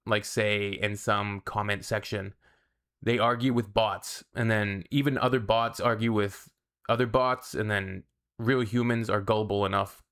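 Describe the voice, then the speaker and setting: A man's voice: mid-range voice, a bit bright. Wry man hosting a reaction vlog. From Canada. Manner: wry, sarcastic asides. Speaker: reaction channel host. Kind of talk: casual reaction commentary.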